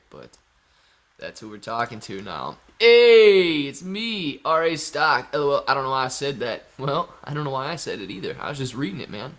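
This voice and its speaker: A man's voice: medium pitch, fairly bright tone. A man hosting a casual live stream, reading out viewer comments and greeting people by name in an upbeat way. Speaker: livestream host.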